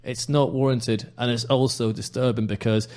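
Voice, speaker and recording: Male podcast host, passionate and emphatic, mid-pitched everyday voice. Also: fairly even intonation, moderate pace, a little mellow. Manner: impassioned, emphatic ranting. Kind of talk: casual football podcast chat.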